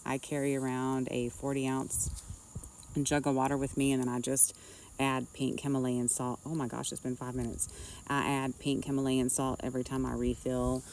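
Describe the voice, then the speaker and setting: Woman rambling earnest life advice, gravelly flat voice, a bit far from the mic, crickets outside. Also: rumbling low, moderate pace, a little hiss or hum. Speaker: nurse. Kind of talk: casual spiritual advice vlog.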